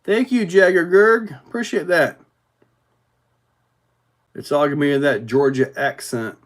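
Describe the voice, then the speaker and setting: Male livestream host, pitched a bit high, easygoing and rambling, talks through viewer comments. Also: measured pace. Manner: rambling, relaxed, many fillers. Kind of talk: casual livestream chat reading viewer comments.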